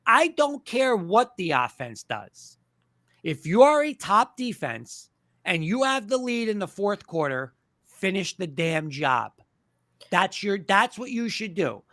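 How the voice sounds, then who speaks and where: A man's voice: high-pitched, bright, forceful tone, no room sound, studio quality. A man hosting a live sports talk show, ranting emphatically about his team and mocking fans' opinions.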